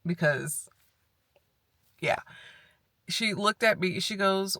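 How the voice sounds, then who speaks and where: A woman's voice: medium pitch, takes it slowly, no echo, studio quality. A woman in a casual vlog, candidly and animatedly telling a personal story and quoting what others said to her. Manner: candid and animated, retelling with quoted dialogue. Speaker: health vlogger.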